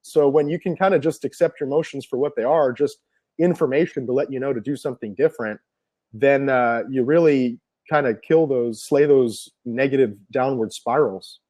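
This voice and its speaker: A man's voice: medium pitch, normal speed, a little mellow. A man being interviewed as an NLP trainer, explaining ideas earnestly and piling up examples.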